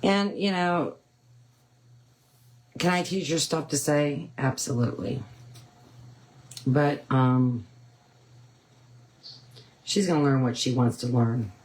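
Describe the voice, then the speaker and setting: A woman's voice: rumbling low, slow, pauses often, darkish tone, rough recording. A woman hosting a painting tutorial, chatting casually and rambling with frequent ums. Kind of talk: casual chat while painting.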